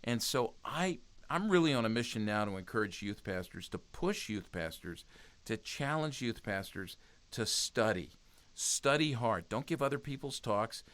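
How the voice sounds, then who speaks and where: A man's voice: mid-range voice, big pitch swings, normal speed, a bit bright. A man speaking as a guest in a conversational interview, earnest and exhortative, often restarting his sentences. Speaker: podcast guest, youth ministry speaker.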